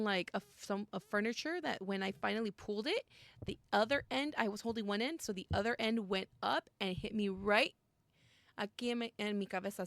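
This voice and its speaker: Excitable young woman with gravelly fry. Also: medium pitch, no room sound. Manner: excitable, gasps and squeals at scary moments, mixes in Spanish. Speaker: streamer playing a visual novel. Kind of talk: reading game text aloud with reactions and chat.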